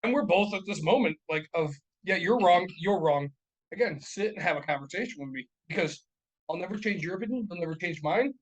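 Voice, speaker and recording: A man's voice: sits high, expressive, quick pace, rough recording. A man co-hosting a casual podcast, talking bluntly and profanely, rambling with lots of "like" and "right?". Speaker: podcast co-host.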